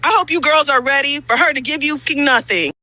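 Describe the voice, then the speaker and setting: High, bright, blunt woman ranting. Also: fast, no room sound, low-quality recording. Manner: blunt, profane, scolding. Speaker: podcast co-host. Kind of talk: podcast rant.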